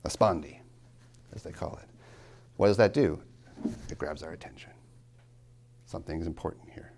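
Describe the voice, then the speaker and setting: A man's voice: low voice, normal speed, gravelly, a little mellow, slight background noise. A man lecturing as a college tutor on reading poetry, asking questions and answering them himself, and tapping out rhythms aloud.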